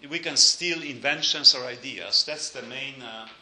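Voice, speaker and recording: A man's voice: mid-range voice, a little slow, pushed and bright, reverberant, poor audio. A man giving a lecture, hesitant with many fillers and dry joking asides.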